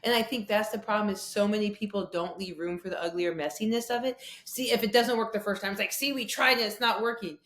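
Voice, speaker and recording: Woman talking conflict on a podcast, lively stories, mid pitch, bit of room echo. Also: fast talker, hardly any pauses. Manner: animated storytelling with quoted voices. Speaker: guest speaker on conflict. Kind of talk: conversational podcast interview.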